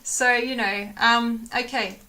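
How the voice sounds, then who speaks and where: A young woman talks to her camera in a small room at home, chatty and rambling, full of fillers. Her voice is bright and clear. She slips into little acted-out quotes of what people said. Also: mid-range voice, a little slow. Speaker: vlogger. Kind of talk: casual chat to camera.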